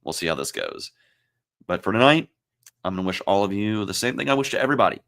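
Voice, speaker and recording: A man turning forty, hosting his own livestream and talking in a reflective, halting, emotional way, with many pauses and fillers. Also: lowish voice, expressive, vocal fry, fairly bright tone. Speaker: livestream host. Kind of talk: casual livestream talk.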